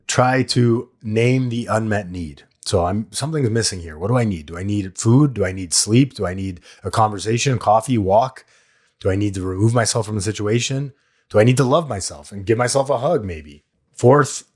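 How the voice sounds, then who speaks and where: Guy hosting a recovery podcast, kinda low voice, blunt and candid, swears a bit, coaches and repeats the big lines. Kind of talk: solo talk on addiction recovery.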